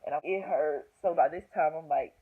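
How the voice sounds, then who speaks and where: A woman's voice: low voice, a little fast, breathy edge. A young woman vlogger telling a story casually and acting out the quotes with groans and whispers. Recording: tinny phone-like audio with faint hiss.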